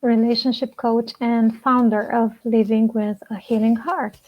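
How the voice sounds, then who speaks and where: A woman relationship coach speaking slowly and deliberately to camera, soft-spoken with long pauses, in a personal talk. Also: a little high, flat delivery. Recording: dull lo-fi sound.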